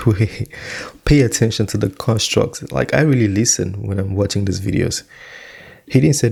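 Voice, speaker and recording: A man gives casual commentary over a video clip. His voice is very deep, with a rough gravel and a husky breath, and he breaks in to point out wording. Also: unhurried, pauses often, a little mellow. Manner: points out word choices, chuckles along. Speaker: channel host and commentator.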